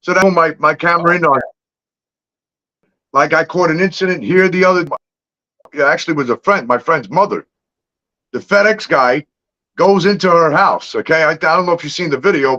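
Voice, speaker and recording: Profane, fast-storytelling man, high voice. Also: highs cut off. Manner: profane, animated storytelling with laughs. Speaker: livestream guest. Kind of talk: casual livestream chat.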